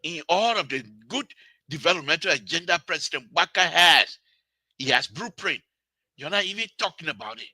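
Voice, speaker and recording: A man's voice: on the high side, expressive, moderate pace, sharp tone, no room sound. A man with a Liberian English accent, giving heated political commentary on radio, repeating phrases as he scolds and mocks.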